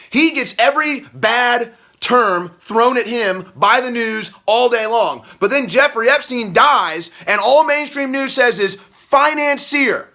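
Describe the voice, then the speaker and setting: High-voiced man on a profane rant. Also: lively intonation, a little slow, few pauses. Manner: angry, profane, repetitive rant; swings from low mutter to shouting. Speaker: political commentary host. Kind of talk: ranting political commentary.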